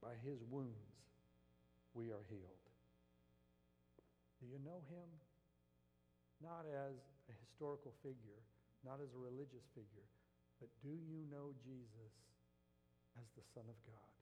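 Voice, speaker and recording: A male pastor preaching a sermon, moving between hushed, earnest tones and impassioned shouting. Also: mid-range voice, unhurried, pauses often, a little hiss or hum. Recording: long reverb of a church hall.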